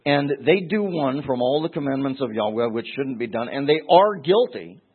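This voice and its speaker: A man's voice: mid-range voice, animated, moderate pace, husky. A man teaching verse by verse through a Bible passage, emphatic, repeating words and acting out the voices he quotes. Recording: tinny phone-like recording.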